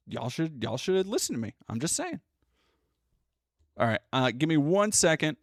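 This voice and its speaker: A man's voice: fairly high pitch, sing-song, moderate pace, long pauses, dry recording, clean studio sound. A man hosting a casual reaction stream, sarcastic and swearing, reading chat aloud. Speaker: stream host.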